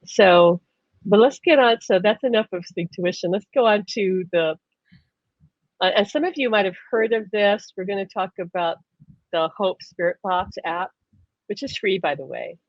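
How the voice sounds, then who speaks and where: A woman hosting a live stream, telling stories in a lively, casual way and laughing often. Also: medium pitch, normal speed, no room sound. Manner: animated storyteller, laughs often. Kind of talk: casual chat. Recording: dull lo-fi stream audio.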